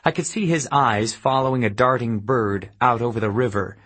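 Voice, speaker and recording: A man's voice: medium pitch, moderate pace, fairly bright tone, husky. A man reading a novel aloud in the first person, telling the story in a dry, wry way. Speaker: audiobook narrator. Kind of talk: scripted first-person narration.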